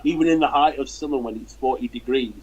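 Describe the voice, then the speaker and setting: A man with a husky voice calls into a chat show over a video link. He tells jokey, animated stories. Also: mid-range voice, fast talker, lo-fi sound. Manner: animated storyteller, does funny voices in anecdotes, jokey. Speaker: guest caller. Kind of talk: casual chat on a video call. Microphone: video call.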